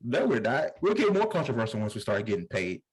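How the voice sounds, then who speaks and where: A young adult man co-hosting a podcast, telling stories in a slangy, animated way and acting out voices in casual chat. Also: medium pitch, fast talker, rough recording. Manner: animated storyteller, slangy, acts out voices in anecdotes. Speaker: podcast co-host.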